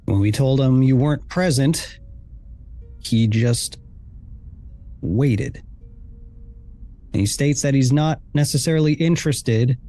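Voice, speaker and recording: A man narrates a tabletop game as dungeon master. He takes his time, spinning the story at an unhurried pace. His voice is warm and mellow. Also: mid-range voice. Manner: deliberate storytelling.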